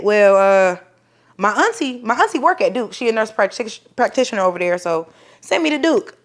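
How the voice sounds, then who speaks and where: A young woman, telling a personal story to the camera in a profane, animated way and acting out the people in it. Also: fairly high pitch, brisk. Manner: profane, animated, dramatic re-enactments. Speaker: vlogger. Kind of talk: storytelling vlog.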